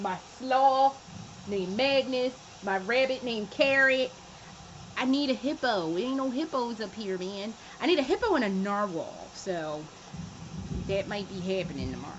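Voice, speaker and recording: A woman's voice: fairly high pitch, a bit bright, dull audio, a little hiss or hum. A young woman chatting casually in a home vlog, profane and often laughing. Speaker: vlogger. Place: room at home.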